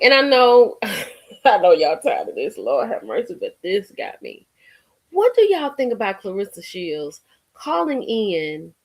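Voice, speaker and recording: Woman on a live stream, kinda high voice that bounces all over, chatting animated with chat. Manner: animated, reacts to viewer comments and gossip. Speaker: livestream host.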